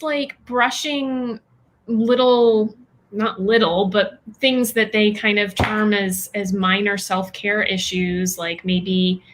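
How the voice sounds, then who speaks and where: A woman talks through a casual interview at an unhurried, deliberate pace. She hesitates, restarts her phrases and laughs lightly between thoughts. Her voice sits in an ordinary middle register. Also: mid-range voice. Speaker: guest, women's health practitioner.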